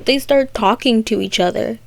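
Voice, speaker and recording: A woman's voice: on the high side, moderate pace, vocal fry. A young woman recapping a story for comedy, with sarcastic, rambling asides. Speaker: video creator.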